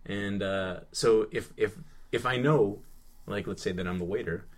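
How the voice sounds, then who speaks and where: A man with a fairly low voice chats casually on a podcast. He talks haltingly, doubling words as he thinks, and laughs easily between points. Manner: hesitant, repeats words, laughs often. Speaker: podcast co-host. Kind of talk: casual chat.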